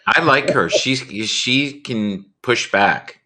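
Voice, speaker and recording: A man hosting a casual livestream chat, talking in a rambling, jokey, animated way. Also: medium pitch, takes it slowly. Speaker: livestream host. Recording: home computer mic.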